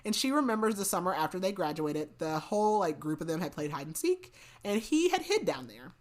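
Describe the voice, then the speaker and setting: A woman podcast host with a fairly low, sing-song voice talks fairly quickly while casually recapping a book's plot. Her chatty retelling leans heavily on "like" and "basically," with laughing asides thrown in.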